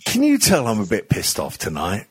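A man's voice: fairly low pitch, huge pitch swings, moderate pace, slightly rough, no echo. A man hosting a podcast, rambling and swearing freely with self-mocking humour. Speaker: podcast host. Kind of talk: casual podcast chat.

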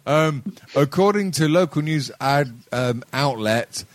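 On a dry recording, a middle-aged podcast host with a higher voice and lively intonation speaks a little slowly. He rambles through a story full of swearing and frequent laughs, in casual comedic chat.

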